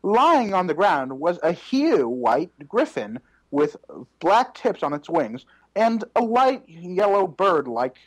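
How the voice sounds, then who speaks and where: A man reads fanfiction aloud with a lively, swinging pitch. The sound is dry and close, with sarcastic asides. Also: takes it slowly, no echo, poor audio. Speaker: fanfiction reader. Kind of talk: comedic dramatic reading.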